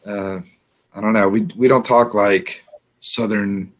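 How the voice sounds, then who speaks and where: A man from New Orleans, a guest in a casual interview, chatty and quick to laugh, often repeating his words. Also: on the low side, steady tone. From New Orleans, USA.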